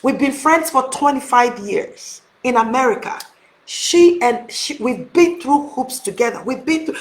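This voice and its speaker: A woman hosting a motivational talk, speaking earnestly and emphatically straight to her viewers. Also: sits high. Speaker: host. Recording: roomy echo.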